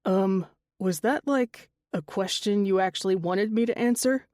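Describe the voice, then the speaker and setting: A woman's voice: mid-range voice, a little slow, a little mellow, dry recording, studio quality, lightly acted. A woman reading the part of a teasing young male panther-shifter tattoo artist, wry and chatty, in an audiobook.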